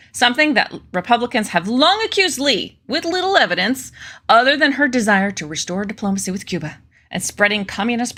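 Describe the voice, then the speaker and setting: A woman's voice: medium pitch, pushed and bright. A woman hosting a casual political commentary stream, reading news aloud with sarcastic, chatty asides to her viewers.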